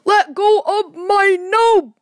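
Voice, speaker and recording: A woman voicing a mischievous little male storybook character who giggles and cries out in excited squeals. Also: high voice, measured pace, dry recording. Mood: pained.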